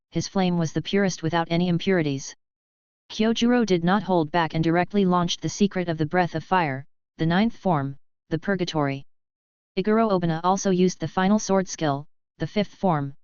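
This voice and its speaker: Smooth low-voiced woman narrating an audiobook. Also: normal speed, darkish tone, no room sound, lo-fi sound. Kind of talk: plain narration of a translated web novel.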